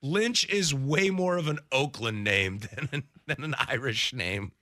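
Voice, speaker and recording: Playful radio host, crisp bright delivery. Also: male voice, medium pitch, a little slow, no room sound, clean studio sound. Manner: playful, theatrical, overenunciates consonants. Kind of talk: bantering sports radio chat.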